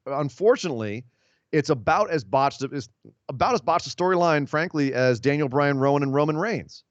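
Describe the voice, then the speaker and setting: A man's voice: medium pitch, no room sound, lo-fi sound. A man hosting a casual podcast, recapping and picking apart wrestling storylines in long opinionated stretches. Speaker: podcast host.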